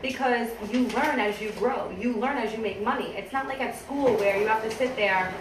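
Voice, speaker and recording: A woman's voice: fairly high pitch, moderate pace. An upbeat woman chats through a training session for a small group. She sits well back from the mic in a roomy, echoing space. A faint hiss stays in the background. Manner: chatty and upbeat, laughs often, acts out store chats. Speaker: team trainer. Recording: echoey room from a distance, faint background noise.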